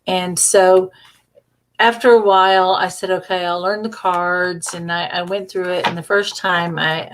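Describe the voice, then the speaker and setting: A woman, an intuitive reader, telling a story casually on a livestream, chatty, with frequent fillers and self-corrections. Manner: chatty, acts out quoted dialogue with lively jumps in pitch. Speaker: intuitive reader and energy healer.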